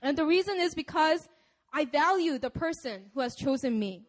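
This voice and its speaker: A woman's voice: sits high, animated, moderate pace. A young woman preaching a sermon in a casual, conversational way, laughing often.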